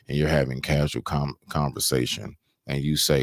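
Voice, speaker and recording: A man's voice: rumbling low, fairly even intonation, moderate pace, gravelly, no room sound, studio quality. A man hosting a live stream, reacting to clips with blunt, scolding, slangy commentary.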